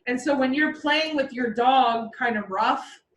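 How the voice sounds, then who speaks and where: A woman chatting casually and explaining animal behavior, acting out the animals' thoughts in lively asides. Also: sits high, measured pace. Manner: lively, acts out animals' inner voices. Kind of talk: casual chat. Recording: roomy echo, far from the mic, faint background noise.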